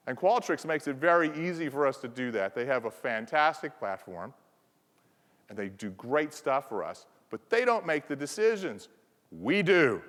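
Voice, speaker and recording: A man's voice: a little high, a bit bright. A man from the American South giving a playful conference presentation, teasing the audience. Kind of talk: keynote talk. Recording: reverberant conference hall.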